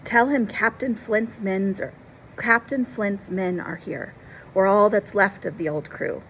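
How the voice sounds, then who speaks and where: A woman's voice: medium pitch, a little slow, slight background noise, close to an everyday voice, rough recording. A woman reading aloud, voicing an ailing old male sea captain who growls and presses urgent warnings. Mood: gruff urgent.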